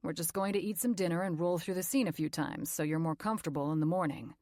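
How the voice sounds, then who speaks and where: Woman voicing a gently teasing young man. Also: fairly low pitch, fast, no room sound, studio quality, natural voice. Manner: soothing, teasing. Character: teasing, gentle male actor, young adult.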